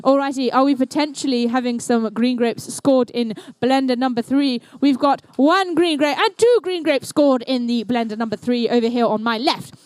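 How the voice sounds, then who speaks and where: A woman's voice: high voice, normal speed, hardly any pauses, darkish tone, clean tone, no echo. A woman commentating a live indoor competition and emceeing it, with playful, jokey banter aimed at the crowd.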